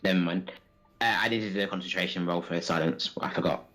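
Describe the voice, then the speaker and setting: A man's voice: deep voice, fairly even intonation, fairly quick, a bit bright, faint music behind. A man playing a tabletop game, talking hesitantly and swearing at his dice rolls. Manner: hesitant, full of ums and swearing. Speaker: player. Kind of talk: casual tabletop game chat.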